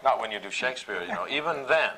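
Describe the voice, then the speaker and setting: A man's voice: medium pitch, animated, fast, sharp tone, slight background noise, low-quality recording. A man with a mild Southern American accent, telling a rambling, self-deprecating story on a stage panel and laughing often. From Tennessee, USA. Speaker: actor on a panel. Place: stage panel before an audience.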